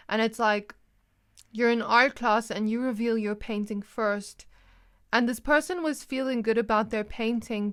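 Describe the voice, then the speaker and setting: A woman's voice: mid-range voice, clear, resonant tone. A woman reading tarot cards in a casual, rambling way, acting out little scenes as she talks. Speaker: tarot reader. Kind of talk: casual spiritual reading to camera.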